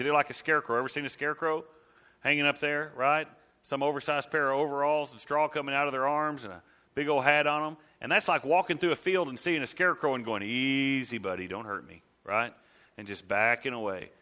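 A man preaching a sermon, reading scripture and then retelling it in an animated, folksy way. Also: fairly high pitch. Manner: animated, acts out voices, folksy asides. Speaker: pastor.

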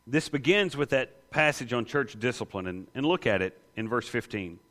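A pastor preaching a sermon, emphatic and quick to pose rhetorical questions to the congregation. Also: male voice, mid-range voice, expressive, a bit bright, big-room sound.

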